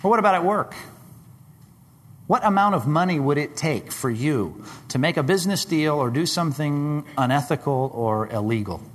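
A man's voice: animated, normal speed. Man preaching in a reverberant hall. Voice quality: dramatic, swings from loud high questions to hushed low tones. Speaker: pastor. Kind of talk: sermon.

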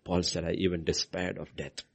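A man preaching a sermon, swinging from loud proclamations to hushed, near-whispered lines and repeating key phrases for emphasis. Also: low voice, level tone, moderate pace, creaky.

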